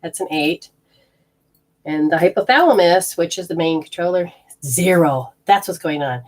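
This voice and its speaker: A woman's voice: fairly low pitch, normal speed, darkish tone. Rambling woman leading a healing session. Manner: rambling, self-interrupting, explains hands-on techniques. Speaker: energy healer.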